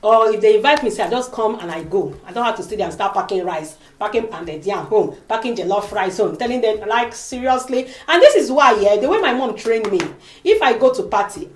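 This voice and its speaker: Animated woman, echoey room. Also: on the high side. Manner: animated, emphatic, acts out quoted voices. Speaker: vlogger. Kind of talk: emotional casual vlog monologue.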